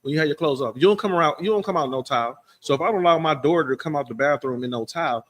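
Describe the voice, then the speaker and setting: A man's voice: a little high, racing, fairly bright tone. A man co-hosting a casual podcast, opinionated and laughing as he talks. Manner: opinionated, laughs while talking. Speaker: podcast co-host.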